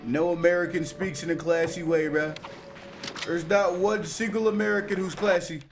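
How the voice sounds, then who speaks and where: A young man livestreaming a game, his voice sitting high for a man and bouncing with slangy, animated reactions. Game music plays clearly behind him the whole time. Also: normal speed. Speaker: streamer. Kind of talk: live gameplay commentary.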